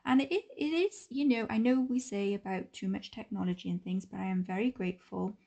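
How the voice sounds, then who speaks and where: Gravelly-voiced woman podcast co-host. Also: mid-range voice, brisk, mellow, muffled recording. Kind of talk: casual podcast chat.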